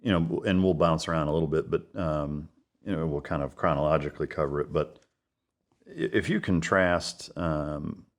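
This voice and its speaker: A man hosting a podcast interview, asking questions in a halting, conversational way. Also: a bass voice. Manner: halting, with many fillers and restarts. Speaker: podcast host.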